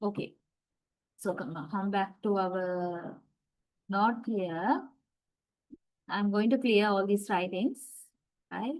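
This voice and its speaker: A woman's voice: medium pitch, slow pace, long pauses, darkish tone, low-quality recording. A woman giving an online university lecture, explaining step by step and often checking with "right?".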